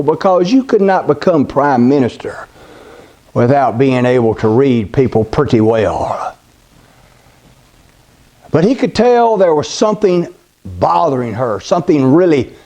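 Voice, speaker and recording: A preacher with a high voice for a man tells a scripture story in a folksy, dramatic way. He calls his listeners buddy and slows down to build tension. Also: darkish tone. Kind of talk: sermon storytelling.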